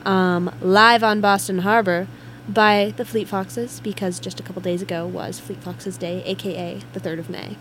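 A woman hosting a casual radio chat show, bubbly and quick with her reactions. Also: medium pitch, fairly even intonation, a bit bright, a little hiss or hum. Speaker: host.

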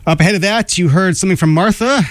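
A man hosting a radio music show, a little hoarse, chatting enthusiastically between songs. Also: high voice, fast talker, no room sound. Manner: enthusiastic, conversational. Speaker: radio host.

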